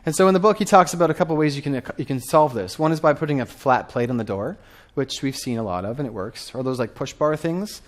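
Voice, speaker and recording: A man in his thirties giving a lively conference talk from a stage, often asking the audience questions. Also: mid-range voice, fast. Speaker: conference speaker.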